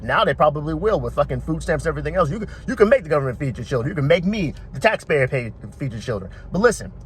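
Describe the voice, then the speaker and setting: A man with a slightly raised voice lectures hard, swearing freely and hammering home his points. He sounds like he's in his thirties, and faint noise sits under the recording. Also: fairly high pitch. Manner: profane, forceful, preachy. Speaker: commentator. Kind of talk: blunt motivational rant to camera.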